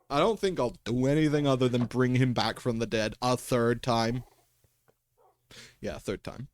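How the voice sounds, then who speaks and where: A man's voice: medium pitch, moderate pace, no echo. A man livestreaming a game in casual commentary, chatty and talking to himself and his pets, swearing and laughing often at a desk microphone.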